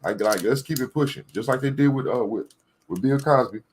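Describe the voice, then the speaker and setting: A man's voice: mid-range voice, brisk, a little hiss or hum. A man giving a preachy political rant with emphatic repetition, often checking in with his listeners. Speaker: political commentator. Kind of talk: ranting commentary.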